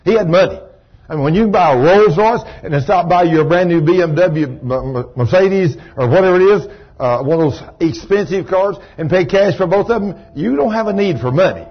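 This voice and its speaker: A man preaching a sermon, telling a story with lively emphasis and asking the congregation questions. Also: a little high, husky. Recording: dull lo-fi recording.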